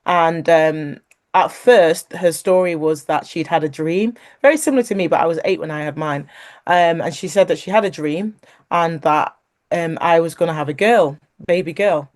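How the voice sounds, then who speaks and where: A woman's voice: deep voice, moderate pace. A woman, a guest sharing a personal faith story, who talks animatedly, laughs along the way and acts out what others said. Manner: animated, acts out quoted voices; laughs while talking.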